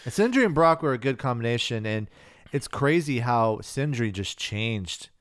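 Smooth, dry-voiced podcast co-host man. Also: mid-range voice, lively intonation, moderate pace, fairly bright tone, no echo. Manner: laid-back, swearing, trails off mid-thought. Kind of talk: casual chat.

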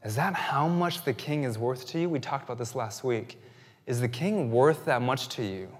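A male pastor delivering a sermon in a large reverberant hall, his medium-pitched voice moving from quiet, halting storytelling to loud, fervent preaching. Long echo trails behind each phrase. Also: expressive.

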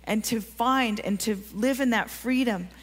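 A woman delivers a sermon in an earnest, encouraging tone, her voice sitting a little high. She keeps turning to the congregation with questions. The sound carries the long reverb of a large church hall. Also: unhurried. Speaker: preacher. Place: church sanctuary.

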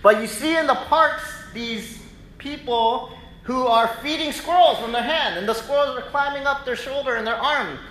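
A man preaching a sermon in a relaxed, conversational way, telling animated stories to the congregation. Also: extremely high pitch, normal speed, roomy sound, slight background noise, low-quality recording. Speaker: pastor. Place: church sanctuary.

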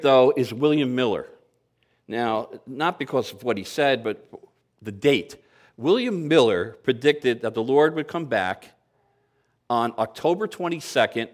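Conversational older male pastor preaching. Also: a little high. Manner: conversational preaching with light humor and rhetorical questions. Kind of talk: sermon.

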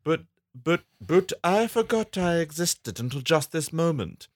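A man's voice: on the high side, very animated, measured pace, no echo, clean studio sound, voice pushed up, exaggerated voice. A man putting on the voice of a prim, self-satisfied female police detective in a comedy podcast, raised and prissy. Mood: smug. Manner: raised, prissy put-on lady voice.

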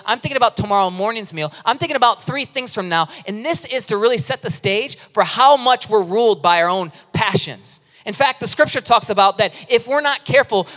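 High-voiced preaching man, echoing hall. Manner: lively, conversational preaching with humorous stories. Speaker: pastor. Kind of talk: sermon. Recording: long reverb of a large hall.

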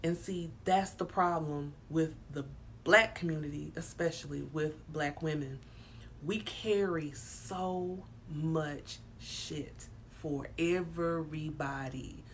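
A woman's voice: deep voice, takes it slowly, a little hiss or hum. A woman candidly telling a personal story in a frank, emphatic way, with casual swearing.

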